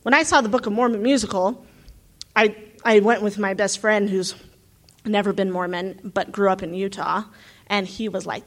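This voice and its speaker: A woman's voice: mid-range voice, lively intonation, brisk, a bit bright. A woman, a graduate student from the United States, talking earnestly and thinking aloud with frequent asides. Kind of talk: reflective talk.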